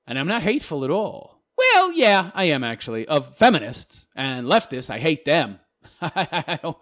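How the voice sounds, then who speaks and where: A man ranting casually to camera as a video commentator, talking fast in a mocking, sarcastic way. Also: fairly high pitch, a bit bright.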